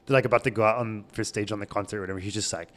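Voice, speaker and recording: A man's voice: fairly low pitch, fairly even intonation, rapid-fire. A man co-hosting a casual chat, rambling and profane, laughing often and full of fillers.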